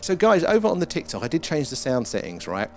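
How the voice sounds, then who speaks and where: A man's voice: on the high side, huge pitch swings, quick pace, creaky, a little hiss or hum. Chatty British man hosting a live stream. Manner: chatty, greets and thanks viewers by name, mild swearing. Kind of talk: casual live-stream chat. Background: faint ambient music.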